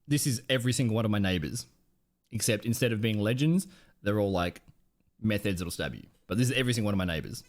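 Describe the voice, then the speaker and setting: A young Australian man reacts to clips on his stream, his pitch bouncing up and down with animated energy. He rambles, swears freely and talks in a relaxed, chatty way. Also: quick pace. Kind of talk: casual reaction commentary.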